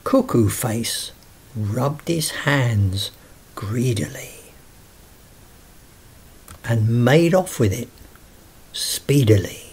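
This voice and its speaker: A man's voice: mid-range voice, animated, takes it slowly, slightly rough. A man reading a rhyming children's story aloud in a sing-song way.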